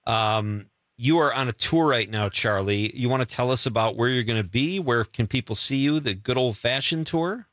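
A man hosting a casual interview, chatty and quick to laugh. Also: medium pitch, fairly bright tone, no room sound. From part of life in Chicago. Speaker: host.

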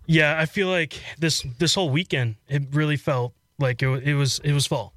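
Male radio sidekick, slightly high voice, easygoing short replies, dry mic. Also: fairly even intonation, normal speed, a bit bright, no room sound. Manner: easygoing and brief. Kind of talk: casual radio chat.

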